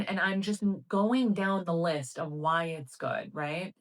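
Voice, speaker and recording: A woman in her thirties telling a personal story to camera, chatty and animated, saying "like" and "right?" often. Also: deep voice, moderate pace, poor audio. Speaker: vlogger.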